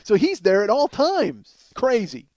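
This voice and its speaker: A man in his forties, a comedian and podcast host, telling a profane comic story in an animated way, swearing often and laughing as he goes. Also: high-pitched, measured pace, muffled recording. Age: 40s.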